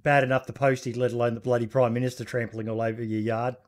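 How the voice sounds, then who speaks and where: A man's voice: medium pitch, little pitch movement, quick pace. A man with an Australian accent co-hosting a casual chat show, laid-back and sweary, rambling with fillers. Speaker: podcast co-host.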